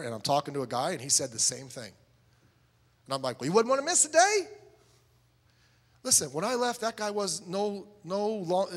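A man's voice: high voice, pushed and bright, in a large hall. A middle-aged man preaching a sermon as a pastor, telling stories and acting out both sides of conversations.

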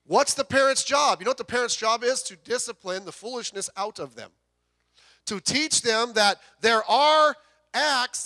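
A male pastor delivering a sermon in a high, bright voice that cuts through clearly. He drives his points home with rhetorical questions and slows down to stretch out the key words.

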